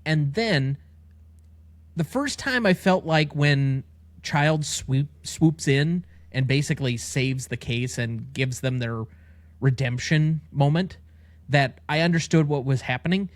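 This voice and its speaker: A man co-hosting a podcast, picking apart a show's legal details in a measured, analytical way. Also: a little high, no room sound. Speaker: podcast co-host. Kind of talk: casual TV recap chat.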